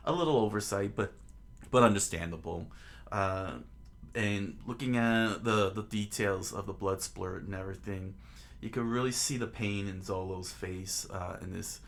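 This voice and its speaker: A man giving casual commentary as a comic reviewer, talking in a halting way with many ums and restarts. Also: lowish voice.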